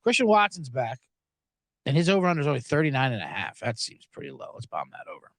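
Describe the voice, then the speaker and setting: A man's voice: medium pitch, huge pitch swings, fast talker, no echo. A man hosting a sports betting podcast in casual chat, rambling, jokey and profane, often stammering and restarting his sentences.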